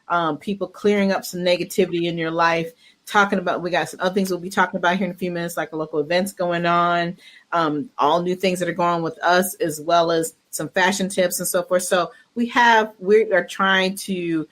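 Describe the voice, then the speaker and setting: A woman's voice: on the low side, steady tone, fairly quick, fairly bright tone. A woman co-hosting a casual podcast, upbeat and talkative, with many fillers and restarts. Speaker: podcast co-host.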